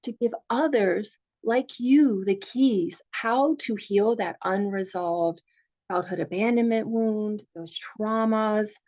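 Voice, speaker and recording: A woman with a Southern US accent hosts a healing workshop in a calm, guiding voice. She tells her own story earnestly and personally. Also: mid-range voice, dull audio. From rural Virginia. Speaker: divorce coach. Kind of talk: guided meditation and workshop talk.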